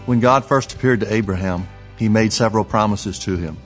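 A man's voice: on the low side, a little fast, music in the background. A man preaching a sermon, telling a personal story in an earnest, emphatic way. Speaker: pastor.

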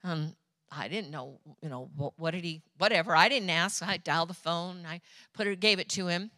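A woman preaching a sermon as a pastor's wife, telling personal stories in an animated, chatty way. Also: lowish voice, normal speed, dry recording.

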